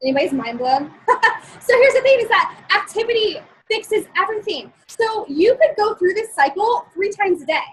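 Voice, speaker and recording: Very high-voiced upbeat woman coach. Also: animated, moderate pace, a little hiss or hum, rough recording. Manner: chatty and upbeat, often checking in with listeners; laughs often between points. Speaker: motivational speaker. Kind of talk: live-streamed motivational talk.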